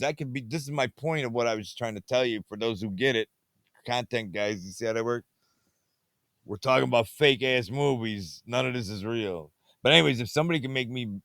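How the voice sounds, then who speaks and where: A man's voice: mid-range voice, a bit bright, dry recording. A man hosting a late-night movie review show, talking in a meandering way, repeating catchphrases and getting sidetracked. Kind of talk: rambling casual monologue. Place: home at night, fiddling with a tablet.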